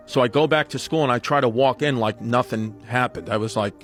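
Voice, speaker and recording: A man telling a comic story on a podcast, animated and acting out the people in it. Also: medium pitch, fairly quick, soft background music. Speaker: comedian guest. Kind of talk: comedic storytelling.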